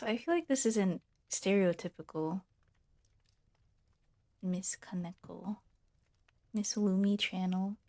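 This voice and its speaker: A woman streaming from a quiet room at home, rambling and testing her own whisper out loud on a desk mic. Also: mid-range voice, no echo.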